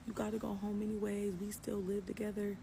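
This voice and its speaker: A woman voicing her fiance as a pleading, dismissive young man, pitched a bit higher than her own voice. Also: little pitch movement, a little fast, vocal fry, background noise, lightly acted.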